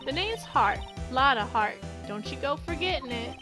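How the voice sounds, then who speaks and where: Girl voicing a loud southern photographer lady, pushy drawl, high voice, music playing under it. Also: lively intonation, normal speed. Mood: brash. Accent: American Southern (put on). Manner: loud, brassy folksy drawl. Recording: game music playing behind.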